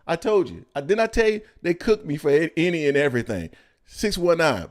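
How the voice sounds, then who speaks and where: A man hosting a boxing podcast in casual chat, joking loudly at times and dropping to calm analysis at others. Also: normal speed. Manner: excitable, swings from loud joking to low calm analysis. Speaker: podcast host.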